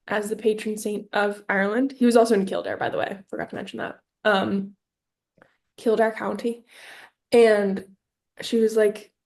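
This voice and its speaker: A woman's voice: medium pitch, vocal fry, darkish tone. Playful young woman spinning silly stories. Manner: spins absurd stories with playful mock seriousness. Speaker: podcast co-host. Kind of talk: casual comedic chat.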